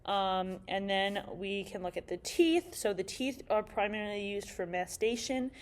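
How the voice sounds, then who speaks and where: A young woman talks through an anatomy lesson like a student presenter, pausing often and restarting her words. Her voice sits in an ordinary middle pitch for a woman, and the talk has the loose, unscripted flow of a class presentation. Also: expressive. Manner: halting, many fillers and restarts.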